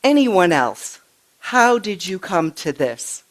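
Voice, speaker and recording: An older woman minister giving a conversational sermon, telling stories in an animated way and often stumbling over and restarting her words. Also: fairly low pitch, takes it slowly. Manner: chatty, animated storytelling with frequent restarts. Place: church sanctuary.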